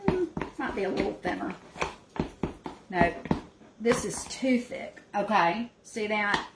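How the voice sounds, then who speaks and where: A woman's voice: medium pitch, expressive, takes it slowly. A woman hosting a casual cooking demonstration from her small cabin kitchen, homey and chatty. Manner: homey, chatty, talks to viewers as y'all. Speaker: cooking show host. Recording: echoey room with clear background noise.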